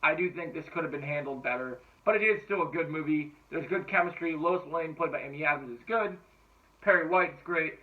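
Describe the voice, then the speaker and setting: A man's voice: on the high side, fairly quick. A man giving casual, enthusiastic movie-ranking commentary, rambling and swearing freely. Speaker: movie reviewer. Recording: tinny phone-like sound, distant from mic.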